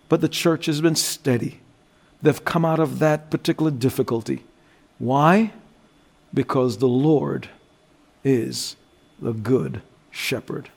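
Man preaching with slow low emphasis. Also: vocal fry. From New Jersey. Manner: storytelling, drops low and slow for scripture and prayer. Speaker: guest preacher. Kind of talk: sermon.

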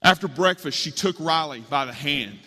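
A man's voice: fairly high pitch, expressive, normal speed, sharp tone, husky. A man preaching, telling a story dramatically as part of a sermon, in a large hall with long reverb.

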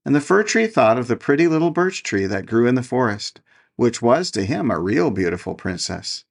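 A man reads a fairy tale aloud in a measured storybook manner. His voice is gravelly with a fry at the ends of phrases, sitting at an ordinary pitch for a man. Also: big pitch swings. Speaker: podcast host reading a fairy tale. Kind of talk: storybook narration.

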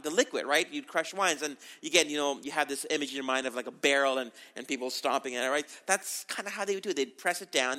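A male pastor preaching a sermon, animated, acting out quotes and often asking "right?". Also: sits high. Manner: animated, acts out quotes, tag questions.

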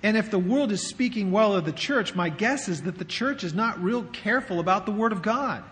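A man's voice: sits high, expressive, a little fast, fairly bright tone. A man preaching a sermon as pastor, in a conversational way with rhetorical questions, in a church sanctuary. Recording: long hall reverb.

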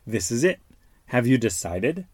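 A man voicing a firm but gentle mother, speaking calmly and plainly. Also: medium pitch, unhurried, breathy edge, no echo. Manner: calm, matter-of-fact.

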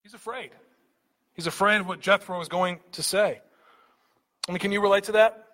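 A man with a high, light voice preaches a sermon. He talks earnestly, stumbling over repeated words and lifting his voice when he drives a point home. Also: steady tone, moderate pace, a bit bright. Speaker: pastor.

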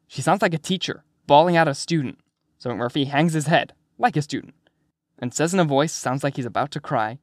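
A man narrating an audiobook in the first person, with steady storytelling and vivid emphasis. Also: mid-range voice, a little fast, dry recording, studio quality.

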